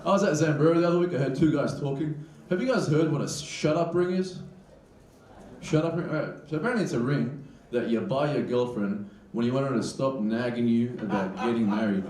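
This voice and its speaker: A man's voice: medium pitch, brisk, a crowd in the background. A man from Iraq doing a brash, crude stand-up set on a comedy club stage. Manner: brash, crude, animated delivery. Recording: echoey room, distant mic.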